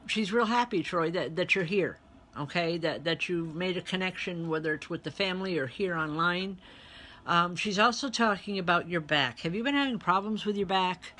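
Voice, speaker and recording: A woman's voice: fairly low pitch, bright, forceful tone. A woman reverend working as a medium, giving a live online spiritual reading and talking chattily to viewers as she relays spirit messages.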